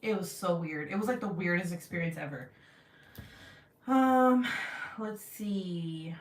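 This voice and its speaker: A woman's voice: on the low side, takes it slowly. A young woman chats to her viewers in a loose, profane storytelling flow, acting out whoever she quotes. She sits a little back from the mic, so her voice carries a roomy echo. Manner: animated, profane, acts out quotes in her retelling. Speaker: craft vlogger. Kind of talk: casual storytelling chat, reading live comments. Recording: roomy sound from a distance.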